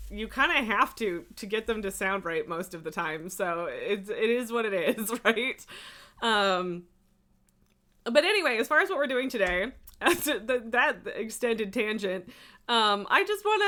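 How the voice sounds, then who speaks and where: A woman livestreamer's medium-pitched voice comes across pushed and bright as she casually chats with her audience. Tangents, frequent laughs, fillers and swearing run through her rambling talk.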